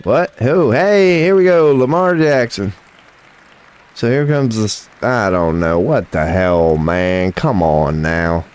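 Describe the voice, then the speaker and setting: A man hosting a livestream offers crude, joking, trolling reaction commentary, dropping drawled lines like "come on now, man." His mid-range voice is expressive, smooth, and darkish, with a slow pace and some chatter behind him.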